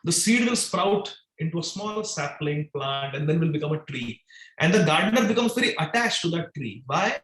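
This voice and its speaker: A man's voice: on the high side, normal speed, reverberant. A man giving a devotional scripture class, chanting verses and dramatically voicing sarcastic questions to his listeners. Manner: animated, dramatic, voices the gopis' sarcastic questions.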